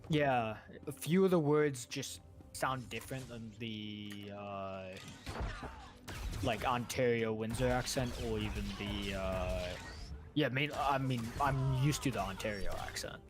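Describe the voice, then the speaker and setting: A man from the United States streaming a game, chatting casually in a rambling, halting way with many restarts. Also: medium pitch, music in the background. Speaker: streamer, former soldier. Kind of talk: casual chat while gaming.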